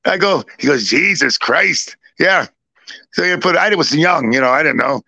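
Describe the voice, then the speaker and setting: A middle-aged man spins a long family story in loose, repetitive chat, playing every voice in it himself. His voice sits a little high for a man. The sound is close and dry, with no room around it. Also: animated, moderate pace, creaky, pushed and bright, dry recording. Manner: rambling, repeats himself, acts out both sides of dialogue. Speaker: podcast co-host. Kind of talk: casual storytelling.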